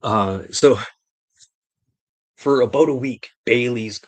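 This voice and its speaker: A man's voice: medium pitch, takes it slowly, no echo. A man, a renovation contractor, telling a rambling, profane story in casual chat on his stream. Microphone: streaming mic.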